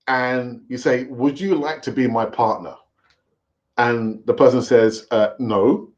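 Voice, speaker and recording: A man hosts a casual football fan live stream, chatting in an animated, rambling way that keeps circling back to the same points. His voice sits slightly high, and the recording sounds dull and lo-fi. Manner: animated, repetitive, conversational rambling. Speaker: football fan channel host.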